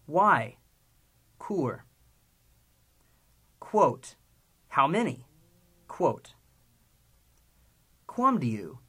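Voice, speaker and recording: A Latin teacher giving a recorded lesson, drilling words with slow, patient repetition. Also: mid-range voice, a bit bright, husky.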